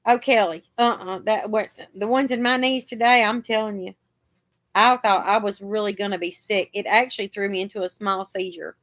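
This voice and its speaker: A woman's voice: mid-range voice, steady tone, normal speed, fairly bright tone. Chatty woman telling stories. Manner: chatty storyteller, acts out the doctors' lines. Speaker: host of a live chat. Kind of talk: casual live chat.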